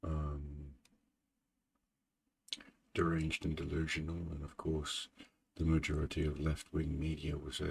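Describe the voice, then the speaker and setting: A man hosting a gaming channel, chatting casually in a vlog with a deep, groggy morning voice, short on sleep and rambling with dry asides. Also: completely flat delivery, unhurried, creaky, long pauses, slightly rough.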